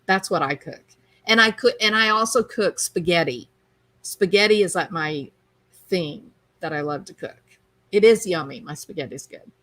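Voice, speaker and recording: A woman's voice: lowish voice, moderate pace, fairly bright tone, rough recording. A woman hosting a livestream, chatting casually and reading viewer comments aloud. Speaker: livestream host reading chat. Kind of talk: casual chat.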